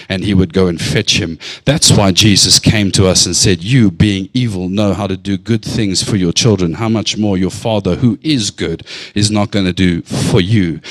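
Deep-voiced man preaching a sermon. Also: no echo, poor audio. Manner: preaching with slow drawn-out emphasis and sudden bursts of speed. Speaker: pastor.

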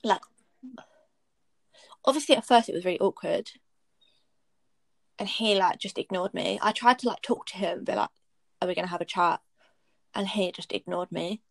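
A woman's voice: mid-range voice, moderate pace, creaky, pauses often, no room sound. A young woman, candidly telling a personal story in casual chat, blunt and swearing freely.

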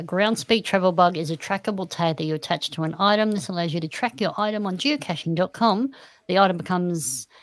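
A woman's voice: lowish voice, no echo. An Australian woman hosting a podcast livestream in a chatty, upbeat way, often giggling. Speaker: podcast host. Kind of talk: casual livestream chat.

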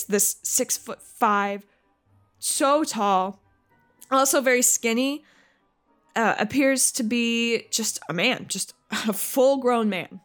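A woman game master narrating a tabletop story with quick, chatty energy and a somewhat high voice. Soft music runs behind her.

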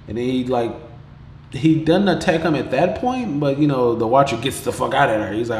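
Male podcast host, mid-pitched, slangy and profane recap delivery, echoey room. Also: normal speed, a little hiss or hum. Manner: slangy, profane, animated retelling with quoted voices. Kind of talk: casual episode recap. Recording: roomy echo with faint background ambience.

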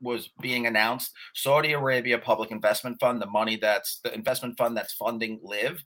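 A man appearing as a guest on a podcast, who explains golf news in a relaxed way and makes dry jokes. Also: mid-range voice, normal speed. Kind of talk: casual podcast chat.

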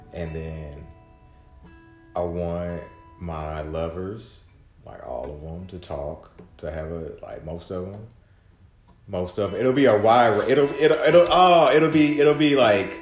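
A man rambling through a casual, profane solo podcast monologue, full of restarts and mumbled asides. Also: sits low. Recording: echoey room with faint guitar music.

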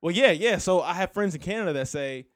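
A man's voice: sits high, expressive, fast talker, no echo, studio quality. Laid-back young male podcast co-host. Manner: laid-back, rambling, laughs easily. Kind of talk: casual chat.

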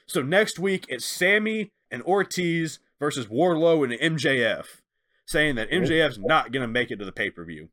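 A man co-hosting a casual chat who talks in an animated way and acts out quotes in different voices. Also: fairly high pitch, normal speed. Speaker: podcast co-host.

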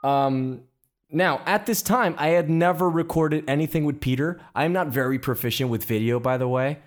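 A man hosting a casual interview and telling lively anecdotes about working as a photographer's assistant, with frequent restarts. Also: fairly high pitch, normal speed. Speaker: podcast host.

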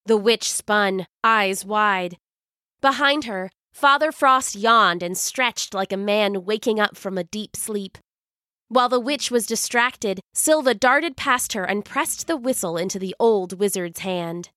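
A woman narrating a children's story in a slow, expressive storytelling manner. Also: medium pitch, no room sound, clean studio sound. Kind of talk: scripted narration.

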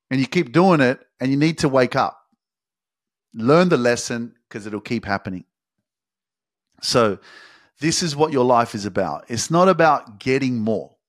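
A man's voice: medium pitch, dry recording, studio quality. A man hosting a motivational podcast, talking emphatically and swearing freely as he preaches self-belief. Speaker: podcast host.

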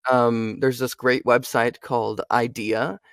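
A man's voice: mid-range voice, level tone, measured pace, gravelly, fairly bright tone, no room sound, studio quality. A young man, a voice actor and audiobook narrator, chatting loosely in an interview and often asking "you know what I mean?". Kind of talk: casual interview chat.

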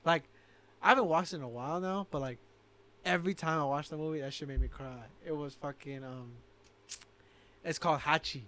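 A man's voice: fairly high pitch, brisk, pauses often, fairly bright tone. A young man co-hosting a podcast in casual chat, slangy, telling stories with lots of "like". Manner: slangy storyteller, says "like" often. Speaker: podcast co-host.

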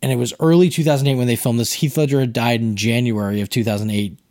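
A man's voice: mid-range voice, fairly even intonation, quick pace, a little mellow, no echo, studio quality. A man chatting casually about movies, rambling and correcting himself, with many fillers. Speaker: podcast co-host explaining movies. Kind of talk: casual chat.

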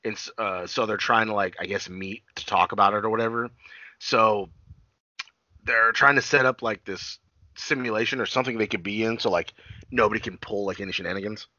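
A man's voice: on the low side, fairly even intonation, a little fast, sharp tone, dry recording, highs cut off. A man co-hosting a casual podcast, recapping a TV episode, swearing freely and acting out scenes in quoted voices. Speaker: podcast co-host.

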